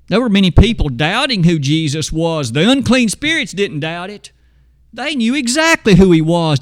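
A man delivering a sermon, reading scripture aloud with slow, emphatic pauses. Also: a little high, no room sound, clean studio sound. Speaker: preacher.

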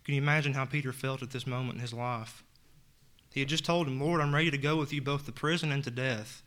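Male preacher, mid-pitched, earnest sermon delivery, scripture reading. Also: fairly even intonation, fast, a bit bright. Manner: earnest, reads scripture aloud and retells it in plain words.

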